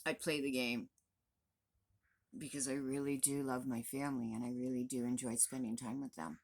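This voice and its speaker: A woman's voice: very deep voice, fairly even intonation, normal speed. A woman in her fifties, a vlogger, venting to the camera in a blunt, profane, exasperated rant. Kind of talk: angry direct-to-camera rant.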